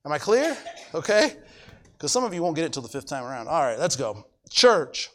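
A man's voice: a little high, very animated, fairly quick, fairly bright tone, a little hiss or hum. A middle-aged male pastor preaching a sermon emphatically, repeating his points and checking that the congregation follows. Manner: emphatic, repetitive, asks the congregation if they follow.

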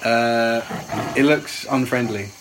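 A man chatting loosely as a podcast co-host, quick to tease and laugh. His voice sits at an average pitch, and a faint bed of crickets and insects runs behind him. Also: noisy background. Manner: teasing, laughs often. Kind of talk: casual chat.

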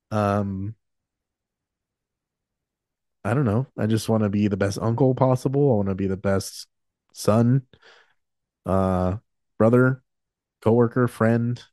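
Recorded with studio quality and no room sound, this man's lowish, mellow voice moves at a measured pace. He's a late-twenties podcast host, choked up with emotion, speaking candidly and rambling casually through lots of fillers and restarts.

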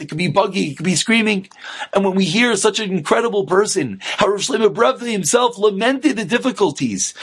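A rabbi tells a story as a sermon, in an animated way. His voice is high and gravelly, with a husky, breathy edge. He acts out the characters as he goes.

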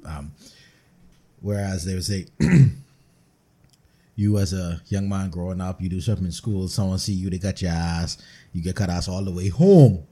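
Bahamian male guest, husky and low-voiced, blunt profane storyteller. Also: steady tone, normal speed, mellow. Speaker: podcast guest. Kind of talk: casual podcast banter.

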